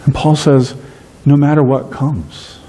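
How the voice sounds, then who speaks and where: A middle-aged man preaching a sermon as pastor, lively in delivery and slowing down to stress key phrases. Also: medium pitch, breathy edge. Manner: dynamic preaching, slows on key phrases, acts out everyday voices.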